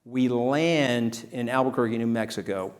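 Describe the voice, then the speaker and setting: A middle-aged man as an interview guest, telling an anecdote fast and animatedly. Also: mid-range voice. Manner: fast, animated, acts out quoted voices. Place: event venue.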